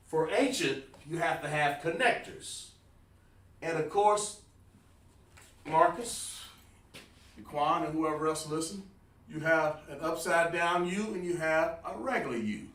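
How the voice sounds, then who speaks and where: A man's voice: on the high side, a bit bright. Man teaching from a board, roomy sound. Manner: casual, informal, addresses viewers by name. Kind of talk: live-streamed language lesson at a board. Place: room with a writing board. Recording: roomy sound, mic far from the speaker.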